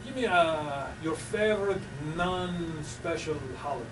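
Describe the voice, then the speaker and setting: A fairly high-voiced man hosts a live improv show on a small theater stage, chatty and coaxing. He is picked up from a distance in a roomy hall, with clear background noise and room ambience. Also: a little slow. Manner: chatty, coaxing, laughs often.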